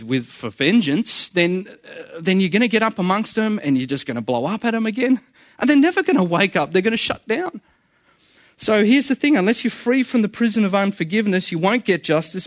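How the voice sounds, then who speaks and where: A man's voice: sits high, no echo, clean studio sound. A man preaching a sermon in an earnest, conversational way, often repeating phrases for emphasis.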